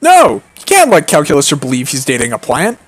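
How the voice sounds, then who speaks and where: A man streaming a game, reading its text aloud theatrically while his voice is going hoarse. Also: fairly high pitch, huge pitch swings, fairly quick, no room sound, faint music behind, poor audio. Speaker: streamer and voice actor.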